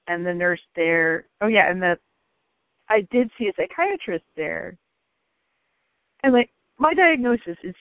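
Woman interview guest, chatty and animated, lots of "like", mid-height voice, thin phone-band sound, dry. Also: lowish voice, gravelly, no room sound. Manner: animated, frequent "like" fillers, laughs mid-sentence. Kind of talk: casual personal storytelling. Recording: tinny phone-like line, dry.

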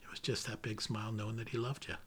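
On the low side and fast, with flat delivery, a man tells casual stories about his father as an interviewee, rambling with lots of fillers and restarts. Slight background noise can be heard.

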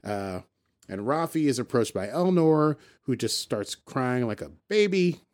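A man in a mid-range voice tells a story in a loose, chatty way, with plenty of "uh"s and "he's like" asides. He slips into quick voices for the characters and then drops back into his easygoing narration. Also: medium pitch. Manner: animated storytelling, acting out characters' lines. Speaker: podcast host recapping a TV episode. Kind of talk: casual recap chat.

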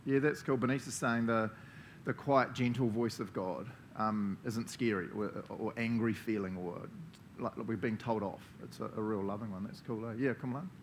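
A man's voice: lowish voice, steady tone, normal speed, a little hiss or hum. A male pastor giving a casual, interactive sermon, joking and chatting with the congregation. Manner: jokey, playful, chatty.

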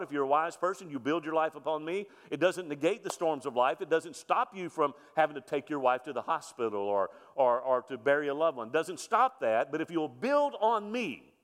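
A middle-aged male pastor preaching, his fairly high voice ringing through a church sanctuary with a long reverb tail. He swells into emphatic, climbing lines, then sinks low and quiet for storytelling. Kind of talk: sermon.

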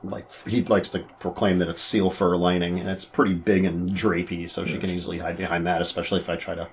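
A man with a fairly low voice chats about his character during a tabletop game. He talks in quick asides, and his recording carries a clear background noise with clicks. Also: little pitch movement. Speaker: player.

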